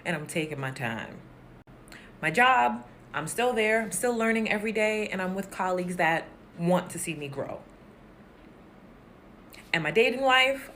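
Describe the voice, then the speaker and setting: A woman in her thirties talking candidly to her viewers, swinging between animated emphasis and quiet, hushed remarks. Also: on the low side, slight background noise. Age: 30s. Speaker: vlogger. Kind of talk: casual talk to camera.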